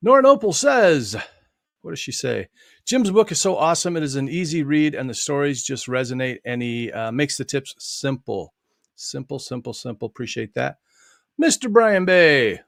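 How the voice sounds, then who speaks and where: A man hosting an online live stream, chatting loosely with guests, laughing often and filling pauses. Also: fairly high pitch, sing-song, creaky, no room sound, studio quality. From United States. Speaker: host and author. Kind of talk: casual live stream chat.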